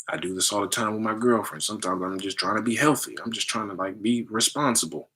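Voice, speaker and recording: A man with a low, bright, forceful voice talks loosely to his listeners. He acts out the people in his stories in high voices and comes back to plain talk in between. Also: a little fast, slightly rough. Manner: animated storytelling, acts out others in high voices; loose conversational slang. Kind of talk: casual spiritual talk.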